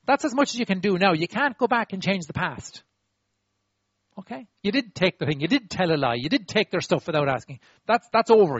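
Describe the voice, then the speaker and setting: Acting out apologies as he preaches, a high-voiced man brings animated, demonstrative energy to his sermon and pulls the audience in. The recording sounds dry and a little dull.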